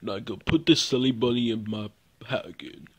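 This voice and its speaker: A man's voice: medium pitch, moderate pace. A man improvising a toy puppet skit, rambling and repetitive, with many fillers. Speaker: puppet show performer.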